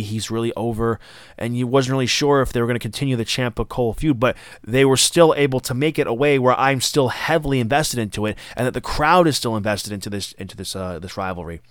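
A man's voice: medium pitch, no room sound, studio quality. A man hosting a podcast, reviewing wrestling events in a casual, enthusiastic monologue and sometimes acting out lines. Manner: enthusiastic, acts out quoted lines. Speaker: podcast host.

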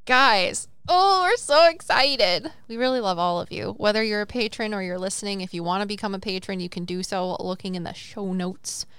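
A woman co-hosting a casual paranormal podcast, chatting and breaking into giggly, excited bursts. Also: medium pitch, fast talker, few pauses, clear, resonant tone, no room sound. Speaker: podcast co-host. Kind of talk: casual chat.

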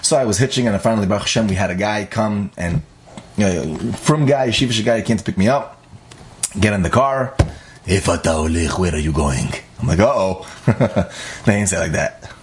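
A young man casually telling a personal story, animated, acting out the dialogue and laughing often. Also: fairly low pitch, fairly quick.

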